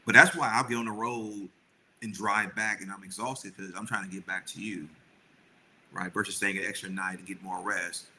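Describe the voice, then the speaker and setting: Middle-aged man, podcast co-host, earnest and rambling, bright voice, low in pitch, faint room hum. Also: steady tone, normal speed, rough recording. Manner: earnest, rambling with many restarts. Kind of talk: casual chat with his wife.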